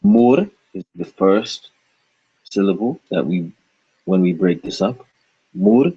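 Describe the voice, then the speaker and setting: Slow, patient, husky male teacher. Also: low voice, mellow. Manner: slow, patient, repeats syllables aloud. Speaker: language teacher. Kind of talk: recorded lesson on reading. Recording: dull lo-fi recording.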